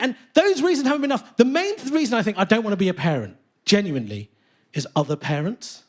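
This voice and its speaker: Animated comic in his late thirties. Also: high voice, fast. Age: late 30s. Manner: animated, brash, swings between voices. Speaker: stand-up comedian. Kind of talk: stand-up comedy set. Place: large theatre stage.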